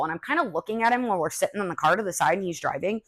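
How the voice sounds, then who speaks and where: A young adult woman hosting a podcast, telling personal stories in a casual, animated way with lots of "like" fillers. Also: mid-range voice, racing, hardly any pauses. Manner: chatty, animated, many "like" fillers. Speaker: podcast host. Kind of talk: casual storytelling chat.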